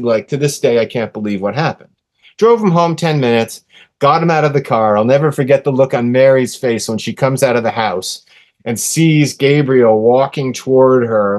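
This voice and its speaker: An American man in his sixties, a podcast guest, tells a story earnestly and animatedly during a casual interview, his mid-range voice dropping to a soft hush when he quotes comforting words.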